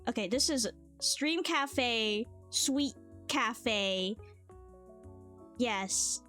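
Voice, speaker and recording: A woman's voice: a little high, lively intonation, very slow, pushed and bright. A woman streamer chatting casually, rambling and playful, laughing often. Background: faint cafe music.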